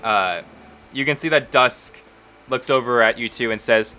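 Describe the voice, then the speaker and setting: A man narrating a tabletop role-playing session as game master. His voice is bright and forward, and he talks in a loose, casual way full of ums and likes. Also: mid-range voice, a little slow, a little hiss or hum.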